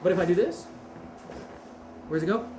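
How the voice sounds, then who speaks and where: A woman's voice: fairly low pitch, normal speed. Lady instructor quizzing her class, echoey room, noisy background. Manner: conversational, quizzes the class, self-correcting. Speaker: martial arts instructor. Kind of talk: hands-on seminar teaching. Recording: roomy echo with steady background noise.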